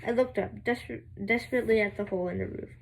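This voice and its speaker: Gravelly-voiced girl reading a novel aloud. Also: fairly high pitch, a little hiss or hum, rough recording. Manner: halting, restarts words, giggling asides. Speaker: amateur reader.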